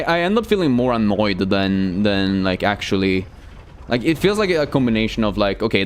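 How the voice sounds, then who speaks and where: A man's voice: on the low side, a little hiss or hum. A young man, chatting casually and cursing as he streams a game and answers chat. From Sweden. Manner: loose and profane, reads chat aloud, many fillers.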